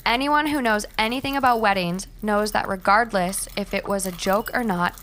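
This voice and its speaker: A woman reading an online confession post aloud in an even, steady way. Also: medium pitch, normal speed, a little hiss or hum.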